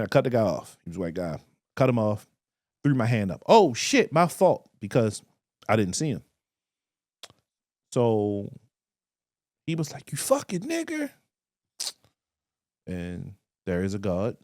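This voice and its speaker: A man, co-hosting a casual podcast and telling stories with animated quoted voices. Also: fairly low pitch, dry recording, clean studio sound. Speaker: podcast co-host.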